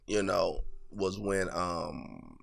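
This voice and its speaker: A man, a comedian guest on a podcast, telling laid-back, animated stories in casual chat. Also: deep voice, drawn-out words, gravelly, a little hiss or hum. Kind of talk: casual storytelling.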